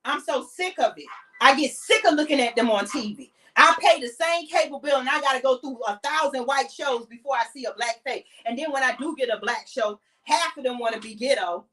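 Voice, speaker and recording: Female podcast host, African American English accent, high voice, blunt and profane, a bit off-mic. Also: a little fast, a bit bright, far from the mic. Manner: blunt, heated, profane ranting. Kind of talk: impassioned monologue.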